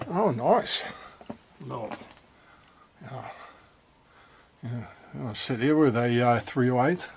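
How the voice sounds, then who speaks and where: Filming castle ruins in the woods on a handheld camera, this male vlogger wanders through his tour with muttered asides and slang. He speaks slowly in a mid-range, slightly mellow voice with long pauses, over a faint hiss or hum.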